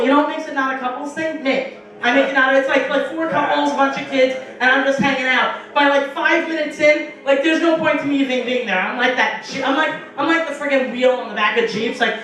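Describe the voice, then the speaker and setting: Her voice is high, fairly quick and a bit bright as this young woman works a stand-up set in a small bar before a live audience, full of profane stories and acted-out quotes. The recording has room echo and a far-off mic.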